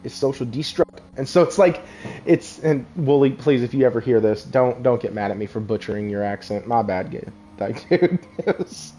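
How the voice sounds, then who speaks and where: A man's voice: medium pitch, animated, moderate pace, warm tone, a little hiss or hum. A young man hosts a casual live stream, rambling and laughing as he talks to viewers in the chat. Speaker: podcast host.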